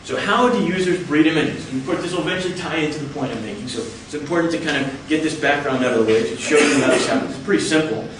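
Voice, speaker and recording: A man giving a lecture, explaining step by step in a measured way. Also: a little high, noisy background. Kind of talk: explanatory talk. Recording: echoey hall, from far off.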